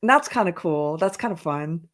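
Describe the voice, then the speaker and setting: Low-voiced chatty woman. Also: animated, normal speed, fairly bright tone. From South Carolina, USA. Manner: chatty, rambling, laughs often. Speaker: livestream host. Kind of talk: casual live chat reading comments. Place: indoors while traveling. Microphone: headphones in, computer mic.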